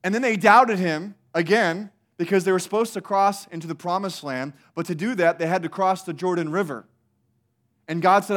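High-voiced guy preaching, animated and emphatic, lots of rhetorical questions. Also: moderate pace. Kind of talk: sermon.

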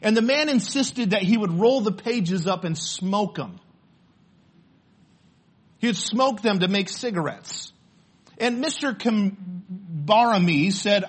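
A man's voice: high voice, expressive, unhurried, breathy edge. A man preaching a sermon in church, earnest and storytelling, often restarting his words. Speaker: pastor.

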